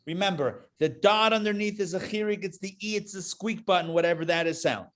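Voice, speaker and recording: Chatty male reading teacher on a video call, a touch high-pitched, joking while drilling syllables. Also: a little fast, a bit bright. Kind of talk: live online class teaching.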